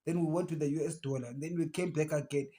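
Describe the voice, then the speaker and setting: A man's voice: fairly high pitch, fast talker. A man with a Zimbabwean accent who stammers, giving emphatic casual commentary to his channel's viewers. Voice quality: stammers, with blocks and restarts. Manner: emphatic, rising to animated outbursts. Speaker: channel host.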